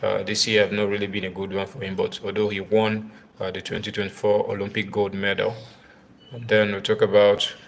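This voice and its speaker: Guy doing a tennis live stream, low gravelly voice, lots of uh and you know. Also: slight background noise. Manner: halting, many fillers and repeated words; talks straight to viewers, asks for comments. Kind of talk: casual live-stream commentary.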